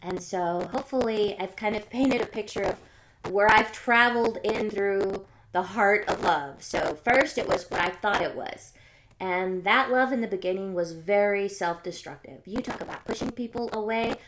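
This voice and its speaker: A woman's voice: mid-range voice, normal speed. A woman hosting a live stream, giving an earnest, musing faith talk to her viewers and coming back to key phrases. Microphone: phone or webcam on a live stream. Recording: loud noise, jumbled live-stream audio.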